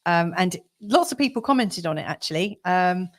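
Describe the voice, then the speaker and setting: A woman co-hosting a live stream, chatting casually with many fillers and soft laughs over a video call. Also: on the low side, expressive, normal speed. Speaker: co-host of a live astrology giveaway show.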